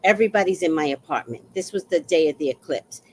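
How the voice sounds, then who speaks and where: A woman's voice: deep voice, fast, slight background noise, low-quality recording. A woman telling a personal story in a casual monologue, acting out the exchanges she describes. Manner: animated, acts out quoted exchanges.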